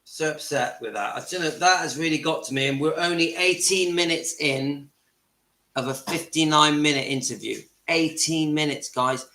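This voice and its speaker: A man's voice: on the high side, moderate pace, sharp tone. A man hosting his channel, speaking earnestly and with emotion straight to his viewers. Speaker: channel host. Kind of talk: livestream monologue to viewers. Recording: echoey room.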